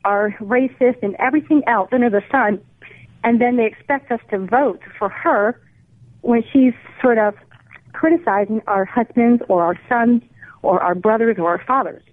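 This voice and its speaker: Female radio caller on a tinny phone line: slightly high voice, hesitant but earnest. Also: normal speed. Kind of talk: call-in radio conversation. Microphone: telephone.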